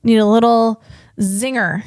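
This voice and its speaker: A woman's voice: on the high side, steady tone, measured pace, a little mellow, dry recording, clean studio sound. A woman podcast host and comedian chatting casually on her own, rambling and poking fun at herself. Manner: rambling, self-deprecating, chuckles at own jokes. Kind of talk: casual solo chat.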